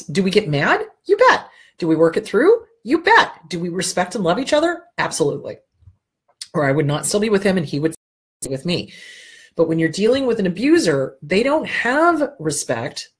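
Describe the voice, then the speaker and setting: A middle-aged woman with a cold gives relationship advice in a blunt, emphatic way, cursing without hesitation. Her voice is husky and sits a bit low for a woman. She talks casually, as if chatting straight to her audience. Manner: blunt and emphatic, swears freely. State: has a cold.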